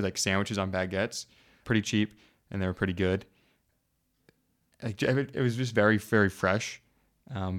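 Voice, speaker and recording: A young American man co-hosting a podcast, chatting casually in a relaxed, rambling way full of "like". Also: deep voice. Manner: relaxed, rambling, heavy use of "like". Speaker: podcast co-host. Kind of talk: casual chat.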